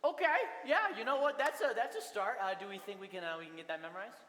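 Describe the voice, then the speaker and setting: Young man as a fussy, condescending drama teacher, bright and high, stammers, echoing hall. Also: fast talker. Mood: pompous. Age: young adult. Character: pompous fussy male high-school drama director. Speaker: drama teacher character in a school play. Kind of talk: stage comedy acting. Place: school stage. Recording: echoey school auditorium, faint room noise.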